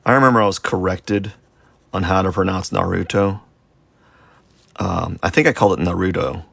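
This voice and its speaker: Low, gravelly man chatting while he sketches. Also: fairly even intonation, normal speed, fairly bright tone, no room sound. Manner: rambling and self-deprecating, with many fillers and restarts. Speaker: artist streaming a live drawing session. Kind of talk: casual rambling chat while sketching.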